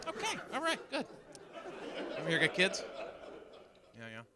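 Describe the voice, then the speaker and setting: Over a noisy crowd, a middle-aged comic does a stand-up set at a moderate pace, his high voice swooping wildly in pitch as he imitates his wife and son. Laughter from the audience fills the live venue.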